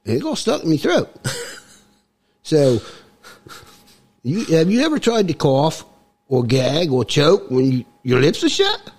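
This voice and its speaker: A man's voice: on the high side, wildly swooping pitch, measured pace, pauses often, darkish tone, voice pushed up, exaggerated voice. A man putting on a Cockney accent while telling a rambling tall tale with chuckles in a garage. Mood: joking.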